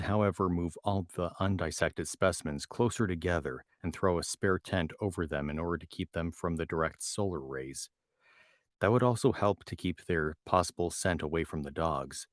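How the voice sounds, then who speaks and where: A man with a low voice reads a novel aloud into a home microphone. He often trips on a word and goes back to restart it. The sound is close and dry. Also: no room sound. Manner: stumbles and restarts words often. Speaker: reader reacting to a novel. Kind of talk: reading aloud with asides.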